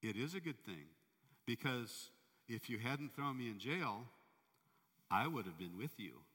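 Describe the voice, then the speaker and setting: A man voicing a humble, faithful servant in a sermon story, speaking softly, slowly and serenely. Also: medium pitch, expressive, slightly rough, long reverb tail, heavily acted. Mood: gentle. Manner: soft, slow, serene. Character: humble, faithful male servant, calm and pious.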